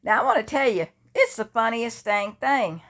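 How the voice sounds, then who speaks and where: A woman's voice: a little high, wildly swooping pitch, normal speed, fairly bright tone. An older woman talking casually from her bed in a personal vlog, rambling and chatty with many restarts, into a phone held at arm's length. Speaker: grief vlogger. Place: indoors, lying in her bed.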